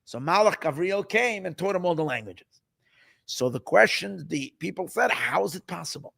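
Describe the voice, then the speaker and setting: A man, a rabbi, telling a story in a sermon, animated and repetitive, dropping in Yiddish words. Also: high-pitched, moderate pace, vocal fry.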